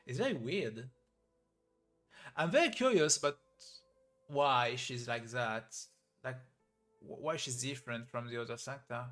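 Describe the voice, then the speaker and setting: A man's voice: mid-range voice, expressive, unhurried, long pauses, fairly bright tone, soft background music. A man streaming a story game, reading it aloud and commenting with hesitant, stammering restarts.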